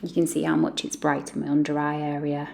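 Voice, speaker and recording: A woman's voice: deep voice, completely flat delivery, fairly quick, vocal fry, a little mellow. A woman, a mum and beauty vlogger, talking through her makeup routine in a chatty, self-deprecating way. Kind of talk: makeup tutorial chat.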